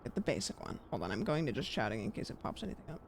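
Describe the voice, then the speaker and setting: A young woman streamer chatting casually while gaming, rambling with lots of fillers and trailing off quietly. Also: extremely low pitch, very animated, rapid-fire, gravelly, a little hiss or hum.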